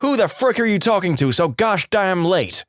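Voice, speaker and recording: A man voicing a furious middle-aged mother who shouts and curses. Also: high voice, very animated, moderate pace, no echo, clean studio sound, voice pushed up. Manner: shouting, cursing.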